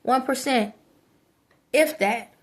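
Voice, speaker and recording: A woman's voice: high-pitched, slow pace. A woman giving a preachy, scolding monologue to her viewers, repeating phrases for emphasis. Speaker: vlogger. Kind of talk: ranting monologue to camera.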